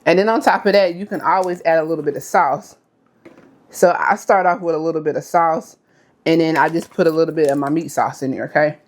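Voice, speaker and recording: A woman's voice: low-pitched, steady tone, a little fast. A woman, chatting casually through a cooking demonstration and often calling her viewers y'all. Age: 30s. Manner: chatty, addresses viewers as y'all, frequent okay. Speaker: cooking vlogger.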